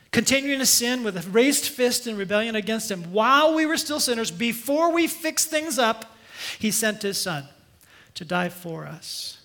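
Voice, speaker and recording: Bright, high-voiced preacher. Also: male voice. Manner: earnest, emphatic, leads the congregation in call-and-response. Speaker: pastor. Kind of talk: sermon.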